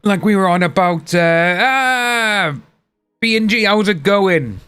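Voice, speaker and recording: Male streamer, casual rambling chat, slightly high voice, soft music underneath. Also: lively intonation, slow, smooth. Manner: rambling, chatty, reads out chat names. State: hiccups. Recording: faint music behind.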